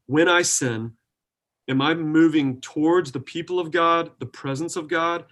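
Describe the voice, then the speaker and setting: A man's voice: a little high, unhurried, a bit bright. Earnest man preaching casually. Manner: earnest, filler-heavy, with many likes and restarts. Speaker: pastor.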